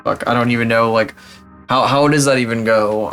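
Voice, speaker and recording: A man's voice: mid-range voice, fairly even intonation, normal speed, a bit bright, faint music behind. A young man live-streaming, chatting casually in a rambling, profane, self-mocking way.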